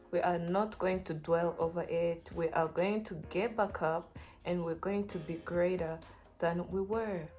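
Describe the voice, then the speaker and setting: A woman's voice: medium pitch, a little mellow. A young woman giving casual, earnest advice to camera, encouraging and full of "like" and "you know". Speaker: vlogger.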